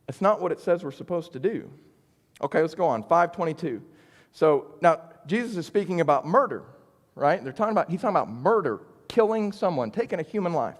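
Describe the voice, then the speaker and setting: A man teaches an adult Bible study, talking in an earnest, conversational way and often checking in with his listeners. His voice sits a little high for a man. The sound carries the long reverb of a church hall. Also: expressive, brisk. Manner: conversational, earnest, frequent "right?" check-ins.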